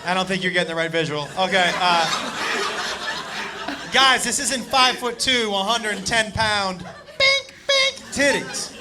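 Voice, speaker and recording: Male stand-up comic, excitable and profane, loud audience, noisy live club. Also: high voice, moderate pace, over a noisy crowd. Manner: excitable, profane, animated storyteller. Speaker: stand-up comedian. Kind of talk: stand-up comedy storytelling. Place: comedy club stage. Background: audience laughter and noise.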